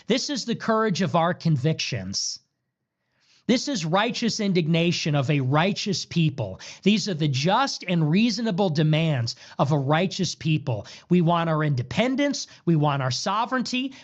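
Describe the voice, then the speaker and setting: A man delivering an angry, profane, preachy rant on a livestream. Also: sits high. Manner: furious, profane, preachy tirade. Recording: dull lo-fi clip audio.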